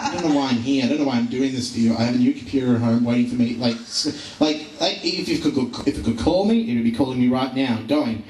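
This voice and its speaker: A man's voice: mid-range voice, fast, few pauses, a little mellow, slight background noise. A young man doing a live stand-up set, rambling and self-deprecating with lots of fillers and restarts. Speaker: stand-up comedian. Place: live comedy venue. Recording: roomy live venue recording from far off.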